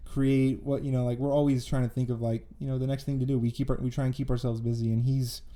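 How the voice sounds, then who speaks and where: A man's voice: mid-range voice, level tone, fast talker, dark tone. A young man, a business founder, talking earnestly in a casual interview with many fillers and repeated phrases.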